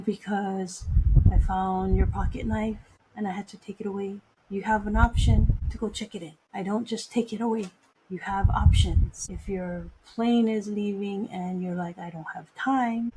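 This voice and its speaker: A woman's voice: mid-range voice, noisy background. A woman hosting a podcast, talking in an earnest personal monologue about her work as an airport security screener and repeating phrases for emphasis. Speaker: podcast host.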